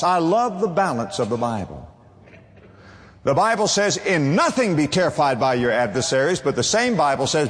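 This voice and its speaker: A man preaching a sermon as pastor, emphatic, swinging between low and high. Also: very animated, moderate pace, in a large hall.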